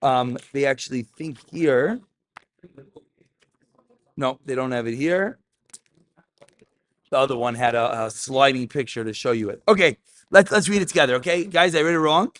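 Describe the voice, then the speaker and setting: A man teaching a Talmud class, animated, mixing English with Aramaic terms and raising his voice for emphasis. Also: medium pitch, normal speed, long pauses.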